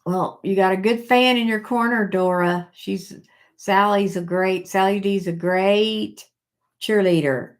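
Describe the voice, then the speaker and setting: An older woman hosting a casual live stream, chatting with viewers and reading their comments aloud in a halting way, with many fillers and restarts. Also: mid-range voice, fairly even intonation.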